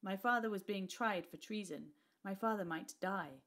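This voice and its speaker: A woman teacher reading a class novel aloud with expressive storytelling. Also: medium pitch, moderate pace.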